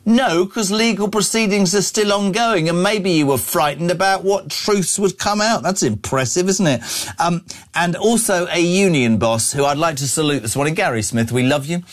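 A man's voice: high-pitched, moderate pace. An older man from the UK hosting a breakfast talk radio show, opinionated and emphatic. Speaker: radio host.

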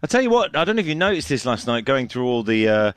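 A man's voice: medium pitch, big pitch swings, fast talker, clear, resonant tone, no echo, clean studio sound. A man talking through last night's football results as a reporter, chatty and full of fillers and restarts. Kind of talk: casual match analysis on radio.

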